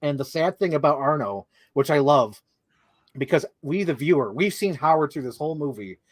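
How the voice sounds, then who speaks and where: A man's voice: fairly high pitch, animated, moderate pace, no room sound. Chatty young man with a dry, close sound. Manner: enthusiastic, talks in long run-on lists with many "like"s. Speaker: co-host. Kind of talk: casual movie discussion.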